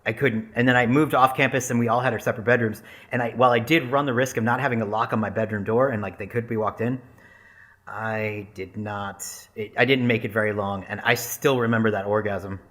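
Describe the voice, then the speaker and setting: A man's voice: on the low side, steady tone, fairly quick, a bit bright. A man co-hosting a podcast, chatting loosely with lots of fillers and restarts. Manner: rambling, filler-heavy, laughing. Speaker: podcast co-host. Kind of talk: casual chat.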